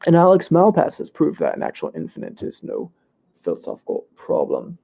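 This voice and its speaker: A pompous, know-it-all young male debater, as a man puts him on, with a gravelly voice that sits fairly high. He is hoarse and losing his voice. He is smug and self-assured, and lists fallacies as if he has won already. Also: huge pitch swings, brisk, dark tone, heavily acted. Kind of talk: comedic live Q&A role-play.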